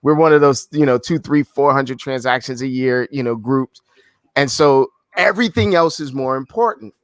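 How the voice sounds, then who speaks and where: A male podcast host chats with his guest in a loose, effusive way, tripping over repeated words and tossing in "man" and "brother." His voice sits at an ordinary pitch and comes across dry, with no room echo. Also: moderate pace. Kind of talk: casual interview chat.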